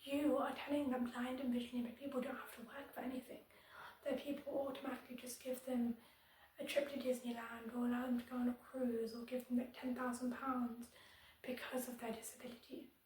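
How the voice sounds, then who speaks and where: A woman's voice: on the high side, little pitch movement, fairly quick, darkish tone, far from the mic, a little hiss or hum. Earnest woman in echoey room. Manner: firm, earnest, addressing viewers directly. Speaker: disability vlogger. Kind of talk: direct-to-camera advocacy commentary. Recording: very echoey room, voice somewhat off-mic.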